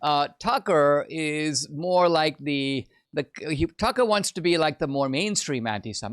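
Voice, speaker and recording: A man's voice: on the high side, unhurried, few pauses, clean tone, no echo, clean studio sound. Man lecturing on a played clip. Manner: lecturing, with frequent "uh" fillers. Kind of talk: podcast monologue.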